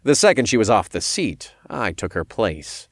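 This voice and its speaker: A man reading a first-person story aloud in a calm, measured way. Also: lowish voice, no echo, clean studio sound. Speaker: narrator.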